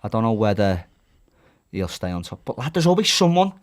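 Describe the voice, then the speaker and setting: Blunt, sweary lad, low voice. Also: male voice, big pitch swings, a little fast. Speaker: podcast host and fighter. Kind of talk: casual sporty banter. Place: indoor podcast studio.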